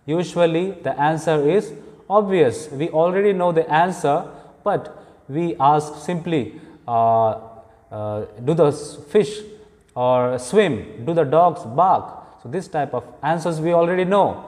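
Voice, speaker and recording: A man teaching an English grammar lesson, explaining slowly and deliberately with frequent fillers. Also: a little high, darkish tone. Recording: long hall reverb.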